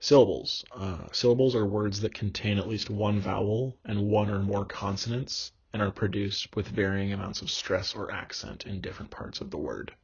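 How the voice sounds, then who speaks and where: A young man lectures with a low, gravelly, husky voice, stopping and restarting often with plenty of ums. The recording is dull and lo-fi. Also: fairly even intonation. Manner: halting, many fillers and restarts.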